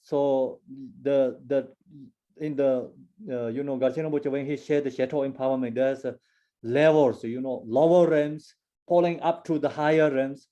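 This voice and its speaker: A man giving a Buddhist teaching in halting, broken English, full of fillers and restarts. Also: medium pitch, fairly even intonation, mellow, dull audio. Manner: second-language English with broken grammar. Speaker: dharma teacher.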